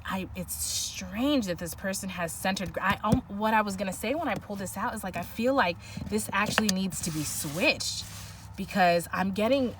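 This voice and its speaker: A woman with a soft, medium-pitched voice does an intuitive tarot reading far from the mic, with a little hiss or hum. She keeps restarting as she muses and hunts for words, and at times sounds emotional.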